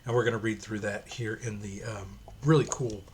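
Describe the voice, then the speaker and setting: A man's voice: on the low side, steady tone, normal speed, background noise. A man giving casual, profane, opinionated commentary while reading a comic aloud. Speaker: comic reviewer.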